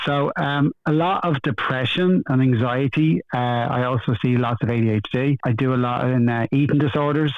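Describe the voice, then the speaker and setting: A man's voice: medium pitch, no echo, phone-quality sound. A man with a Dublin accent, a psychologist speaking chattily in a radio interview, with lots of fillers. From Ireland.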